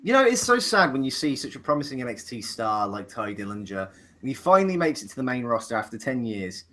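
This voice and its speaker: A man's voice: mid-range voice, sing-song, quick pace, a bit bright. A man co-hosting a casual chat, opinionated and joking, often restarting his sentences. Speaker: podcast co-host.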